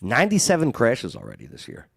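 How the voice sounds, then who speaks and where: A man's voice: medium pitch, huge pitch swings, quick pace, vocal fry, fairly bright tone, husky, dry recording, clean studio sound. A man co-hosting a talk show, joking and teasing while reading ads. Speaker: radio show co-host. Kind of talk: casual banter and ad reads.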